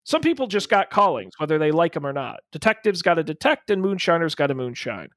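A man narrating a detective role-playing game as game master, in animated noir style with playful asides. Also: fairly high pitch, brisk, no room sound, studio quality.

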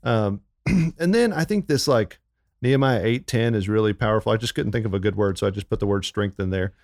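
A man on the church staff, co-hosting a casual faith podcast in an animated, upbeat way, with lots of fillers. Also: on the low side, a little fast, no echo, studio quality.

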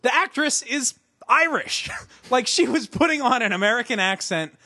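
A man co-hosting a podcast, in an animated, laughing chat about a movie, full of "like". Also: very high-pitched, normal speed, slightly rough, no echo. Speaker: podcast co-host.

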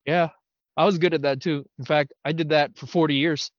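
A man co-hosting a casual comics podcast, speaking in a hushed, low-key way and often breaking into laughter. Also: fairly even intonation, a little fast, no echo, lo-fi sound. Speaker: podcast co-host. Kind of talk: casual chat.

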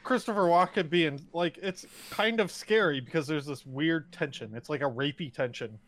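A man's voice: on the high side, normal speed, slight background noise. A man casually chatting about movies, swearing freely and acting out little quoted voices as he tells stories. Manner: profane, animated storytelling with quoted voices.

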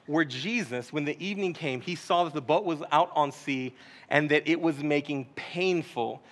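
Bright, high-voiced casual male pastor. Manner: casual, joking preacher talk with slang. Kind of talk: sermon.

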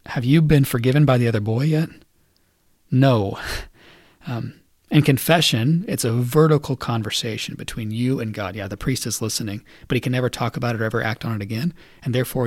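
A man, a priest, retelling a story for young listeners and turning it into a lesson. He talks quickly in a loose, conversational way, with lots of asides. The recording is dry and close, with no room sound. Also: mid-range voice, no echo. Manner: conversational, animated retelling with fillers. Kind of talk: casual retelling and teaching.

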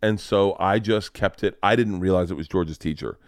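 A man hosting a podcast, telling a story in a casual, animated way, acting out the people he quotes and swearing freely. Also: sits low, brisk, no room sound, studio quality. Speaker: podcast host.

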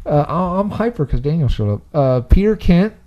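A man hosting a casual podcast from a basement, rambling and excitable and often laughing. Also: on the high side, moderate pace, dull audio. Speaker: podcast host. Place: parents' basement.

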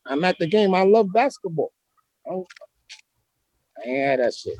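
High-voiced New man telling stories. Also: normal speed, long pauses, no room sound. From Brooklyn, New York. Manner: animated, slangy, rambling street talk. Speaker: interview guest, former street basketball player. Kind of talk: casual storytelling interview.

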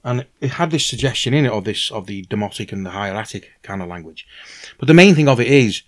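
A Welsh man being interviewed as a novelist, speaking in a lively, earnest way with many restarts. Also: on the low side, fast. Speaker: novelist guest. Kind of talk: casual conversational interview.

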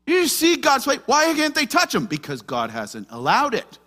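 A male pastor delivers an animated sermon, at times acting out the worried voices of the people in the passage. His voice sits high and bright, and the long tail of hall reverb follows every line. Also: moderate pace. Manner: animated, acts out frightened voices of scripture figures.

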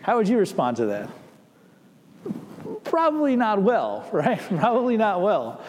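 A man's voice: high voice, wildly swooping pitch, measured pace, big-room sound. A man preaching a sermon as a pastor, speaking conversationally and acting out the people in the story. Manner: conversational, acting out quoted voices.

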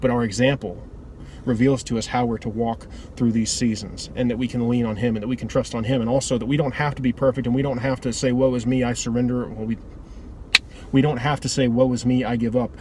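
A man's voice: mid-range voice, steady tone, fast talker, background noise. A man giving an earnest, informal devotional talk that often loops back and restarts its phrases. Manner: earnest, rambling with repeated restarts. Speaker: preacher.

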